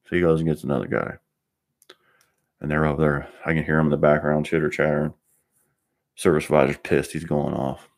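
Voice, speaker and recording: A man's voice: very deep voice, steady tone, a little fast, vocal fry, pauses often. A man, a car mechanic, ranting bluntly in a rambling monologue and swearing constantly.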